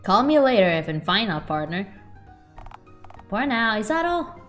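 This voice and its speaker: A woman voicing a scruffy, bug-like male creature drifter in a video game, with a gruff, drawling delivery that calls people partner. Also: mid-range voice, big pitch swings, measured pace, a bit bright, faint music behind.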